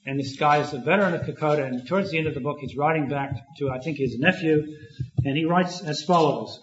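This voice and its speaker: Man, slightly high voice, halting academic lecturer, echoey and dull lo-fi room recording. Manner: thoughtful, halting, with many restarts and fillers.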